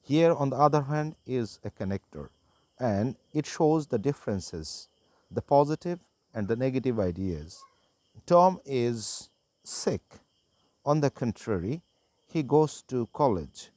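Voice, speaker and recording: A man teaching an English grammar lesson, reading out connectors and example sentences in a slow, deliberate way. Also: medium pitch, lively intonation, a little mellow, dry recording.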